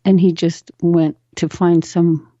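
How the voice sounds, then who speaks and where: Mellow-voiced woman telling a story. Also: fairly low pitch, slow, no echo. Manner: animated storyteller who acts out quoted voices. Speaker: interview guest. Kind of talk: telling a personal story on a talk show. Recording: dull, lo-fi sound.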